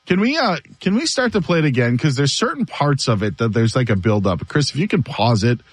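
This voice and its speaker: A man hosting a sports radio show, telling stories in a casual, animated way and laughing often. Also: mid-range voice, brisk, dry recording.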